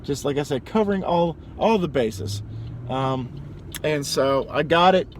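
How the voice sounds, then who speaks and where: A man's voice: fairly high pitch, lively intonation, a little slow. A young man ranting casually as a vlogger, telling a rambling story with mock outbursts. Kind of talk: casual rant. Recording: background traffic noise. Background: street and car noise.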